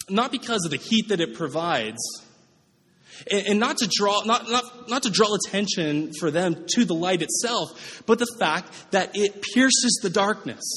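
A man's voice: sits high, fairly bright tone. A man preaching a sermon as pastor, in a conversational way with frequent "right?" asides. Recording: reverberant hall.

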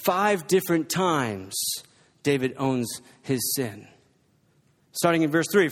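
A man's voice: on the high side, very animated, unhurried. A man preaching a sermon, reading scripture and pressing his points with emphatic, repeated exhortations. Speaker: pastor. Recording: long reverb from a large hall.

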